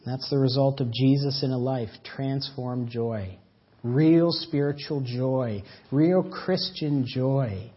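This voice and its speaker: A man preaching a sermon as pastor, swinging between loud emphatic lines and soft drawn-out words. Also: medium pitch, husky. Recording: dull lo-fi church audio.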